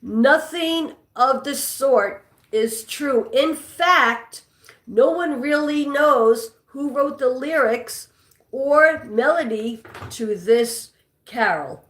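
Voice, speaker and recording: A woman with a New York accent hosting a live trivia stream, chatting with viewers and reading their comments aloud. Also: high-pitched. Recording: echoey room.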